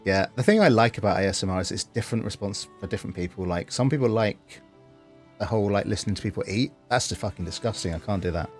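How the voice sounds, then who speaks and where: A man's voice: lowish voice, fast, faint music behind. A man streaming a game, chatting casually, reading chat aloud, laughing and swearing freely.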